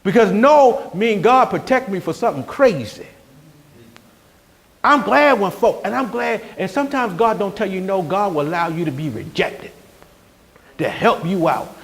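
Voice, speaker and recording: A man preaching a sermon as pastor, telling stories with growing energy and sometimes shouting. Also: high-pitched, moderate pace, gravelly. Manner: animated storytelling, rising to shouts.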